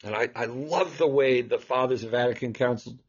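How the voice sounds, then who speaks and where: A man's voice: mid-range voice, fairly quick, husky, dull audio. A man preaching and explaining scripture, emphatic and asking rhetorical questions. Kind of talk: scripture teaching.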